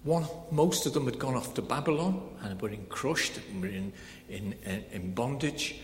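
A man preaching a sermon in a conversational, animated way, swinging between loud proclamation and soft emphasis. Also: mid-range voice, normal speed. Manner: conversational, with many fillers like "kind of, like". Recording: echoey hall with faint background noise.

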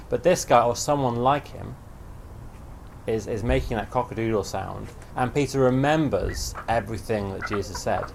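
A man's voice: medium pitch, roomy sound, recorded from a distance, slight background noise. A man giving a children's sermon in a chatty way and asking the children questions. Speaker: preacher.

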